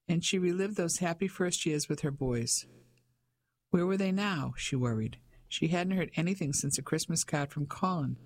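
A male audiobook narrator reading a novel in a measured, expressive way. His voice sits a little above the usual male range. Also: fairly high pitch. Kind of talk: scripted narration.

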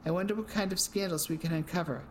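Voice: medium pitch, fairly even intonation, fast talker, slight background noise, lightly acted. A reader voicing a brash gossip podcaster. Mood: chirpy.

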